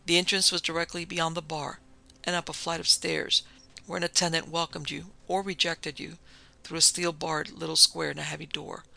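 A man narrating a pulp crime story in a steady, plain storytelling manner. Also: a little high, normal speed, vocal fry.

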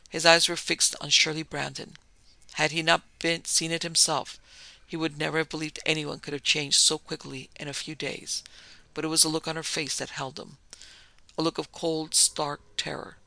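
A man narrating a story in an even reading voice. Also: fairly high pitch, normal speed, vocal fry, no echo.

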